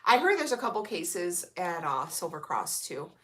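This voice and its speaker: A woman's voice: fairly low pitch, big pitch swings, normal speed, pushed and bright. A young woman chatting casually with her live-stream viewers, sassy and blunt, full of slang and swearing. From Illinois, USA. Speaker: vlogger reading live chat.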